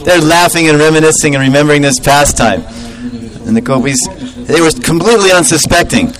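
A man telling a devotional story in an animated way, chuckling and acting out the characters. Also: a little high, brisk, a crowd in the background, low-quality recording. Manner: animated, chuckling, acts out voices.

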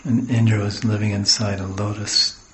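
A man's voice: lowish voice, level tone, moderate pace, fairly bright tone, reverberant, rough recording. A man from the West giving a storytelling sermon as a spiritual teacher, wandering into homely asides and acting out what people say. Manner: digressive, homely asides, acts out quotes.

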